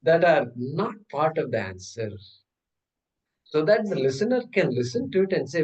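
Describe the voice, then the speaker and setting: A man's voice: on the high side, very animated, normal speed, darkish tone. Man teaching scripture, from a distance. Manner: explains step by step, with rhetorical questions; chants Sanskrit terms and verses. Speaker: Vedanta teacher. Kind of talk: scriptural class lecture. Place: class hall.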